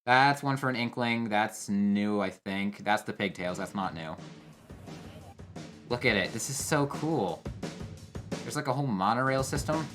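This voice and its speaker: A man's voice: fairly low pitch, lively intonation, unhurried, long pauses, over music. A young man talking casually over a game trailer, thinking aloud with fillers and restarts. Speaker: competitive player reacting to a trailer. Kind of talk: casual video commentary.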